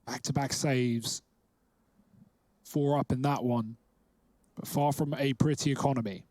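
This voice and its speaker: A man calling a live esports match with quick, analytical play-by-play. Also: medium pitch, fairly even intonation, darkish tone, dry recording. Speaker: esports caster. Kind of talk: live game commentary.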